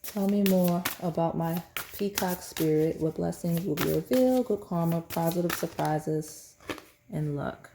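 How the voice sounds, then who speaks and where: Low-voiced rambling tarot reader woman. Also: a little slow, background noise. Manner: rambling, chatty, many fillers and restarts. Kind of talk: casual pick-a-card tarot reading.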